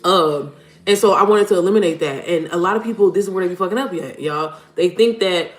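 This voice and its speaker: With a fairly low voice and a fairly quick pace, a mom business coach hosts a casual livestream, talking bluntly, cursing casually, and addressing everyone as "y'all." Faint music plays in her roomy home space.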